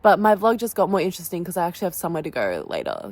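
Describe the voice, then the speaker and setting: A young woman chatting to her camera in a loose, offhand vlog style. Her voice sits on the low side, and she rambles, trailing off into fillers. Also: wildly swooping pitch, very fast, darkish tone. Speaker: vlogger. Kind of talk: casual vlog chat.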